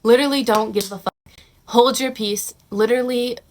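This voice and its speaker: A woman's voice: a little high, fairly even intonation, moderate pace, darkish tone, slight background noise. Young woman ranting advice at the camera, sassy and blunt, lots of honey and bro, swears a bunch. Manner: mocks others in quoted put-on voices. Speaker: vlogger giving advice. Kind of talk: casual advice talk to camera.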